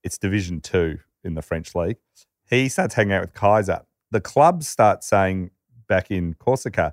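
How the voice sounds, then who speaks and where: A man's voice: sits low, normal speed, no echo, studio quality. A man on a podcast telling a story in casual chat and quoting the people in it. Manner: lively storyteller, quotes characters. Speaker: podcast co-host.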